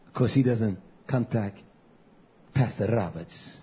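A male pastor preaching a fiery, scolding sermon, swinging from low mutters to shouts, on a dull lo-fi recording. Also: takes it slowly, slight background noise.

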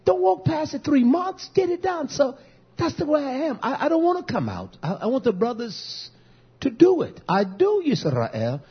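A man preaching as a pastor, lively and storytelling, acting out conversations with people from his congregation. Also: extremely high pitch, normal speed. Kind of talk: sermon. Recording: dull lo-fi recording.

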